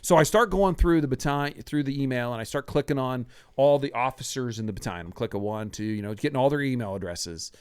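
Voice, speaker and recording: A man in his sixties hosting a podcast, telling a story from his own life in a casual, animated way, acting out what people said and often laughing. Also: medium pitch, fast, hardly any pauses, clear, resonant tone, no room sound, clean studio sound. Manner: animated, acts out quoted lines, laughs often.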